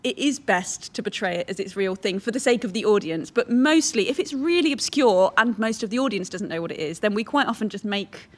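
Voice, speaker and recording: A woman improv performer on a live panel on a theatre stage, who tells stories in a lively way and laughs often. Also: medium pitch, fairly quick, hardly any pauses. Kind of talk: live post-show panel chat.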